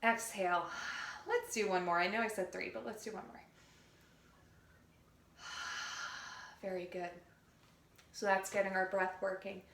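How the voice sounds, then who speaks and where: A young woman, a teaching artist, leads young students through a playful physical and vocal warmup and demonstrates the sounds herself. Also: medium pitch, measured pace, creaky, long pauses, a little hiss or hum.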